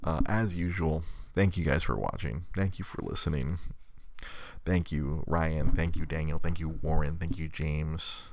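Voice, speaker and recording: A man's voice: rumbling low, a little slow, a little mellow, no room sound, clean studio sound. A man hosting a live podcast in casual, rambling chat, swearing a lot and laughing often. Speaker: podcast host.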